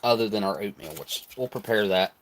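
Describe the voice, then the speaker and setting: Male streamer, low voice, relaxed chatty food review, mouth full at times, light background noise. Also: a little fast. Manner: relaxed, chatty, talks while chewing. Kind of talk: live stream food tasting.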